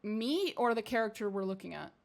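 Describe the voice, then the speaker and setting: A woman's voice: medium pitch, animated, brisk, creaky, a little mellow. A Portuguese-born woman whose English accent drifts between British and American. She streams games, reads game text aloud and comments in a rambling, profane way. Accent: mixed British and American English. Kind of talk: casual gaming stream commentary.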